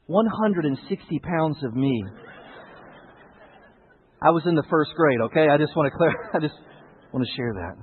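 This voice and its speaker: A man's voice: high voice, breathy edge, big-room sound, narrow, tinny audio. A male pastor preaching a sermon, telling stories with jokes for the congregation.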